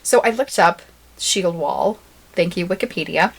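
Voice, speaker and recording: A woman's voice: fairly low pitch, measured pace, creaky, husky. Chatty woman podcast co-host. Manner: chatty, laughs often, reads facts she looked up. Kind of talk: casual chat.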